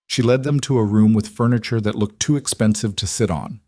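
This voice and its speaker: A man reading scripted story narration in a measured, even way. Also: on the low side, no room sound, studio quality.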